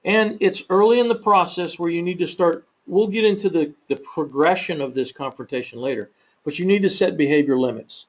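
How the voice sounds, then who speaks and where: Man presenting a training webinar, muffled audio. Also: fairly high pitch. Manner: measured, practical, with fillers and self-corrections. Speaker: webinar presenter on confrontation management. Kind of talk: instructional webinar talk.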